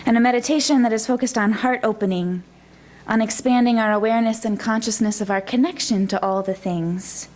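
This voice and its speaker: Lady pastor preaching in church, calm reflective tone, voice on the higher side. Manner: gentle, reflective, unhurried. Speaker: minister. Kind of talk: sermon.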